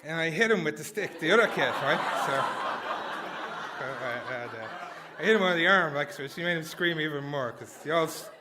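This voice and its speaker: A man's voice: a little high, fairly quick, background noise. A man performing a comic personal story at a live story slam, rambling and self-mocking, laughing through his lines. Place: small live venue indoors.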